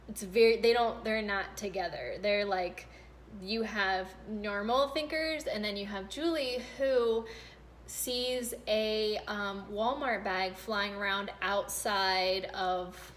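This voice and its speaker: A woman in her thirties tells a funny story on her podcast, her voice sitting a little high. She gets animated and jumps into excited quoted voices. A faint hiss runs under the recording. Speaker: podcast host. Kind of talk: casual storytelling monologue.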